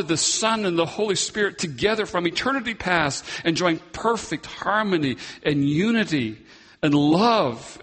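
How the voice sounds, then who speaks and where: A man preaching a sermon as pastor, slow and emphatic, with long dramatic pauses. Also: a little high, fairly bright tone, husky, big-room sound.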